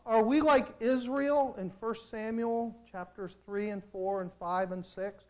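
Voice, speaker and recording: A preacher giving a sermon, telling the story in an animated way full of rhetorical questions. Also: mid-range voice, unhurried, rough recording.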